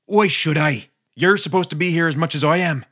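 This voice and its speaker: A man's voice: a little high, brisk, fairly bright tone, voice pushed up. A man voicing a crude, teasing one-eyed male thief in a spoken story. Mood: menacing. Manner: lilting, teasing, cursing.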